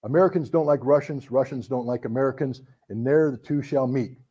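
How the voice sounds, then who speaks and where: A middle-aged man telling a story to an audience, animated, acting out the voices in his anecdotes. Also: mid-range voice, a little fast, slightly rough. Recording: dull lo-fi recording.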